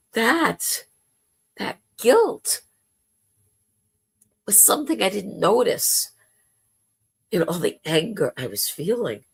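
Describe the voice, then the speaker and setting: Woman host on a spiritual live stream, husky gravelly voice, lively ups and downs. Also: on the low side. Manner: slow, heartfelt storytelling with dramatic quoted asides. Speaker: spiritual talk show host.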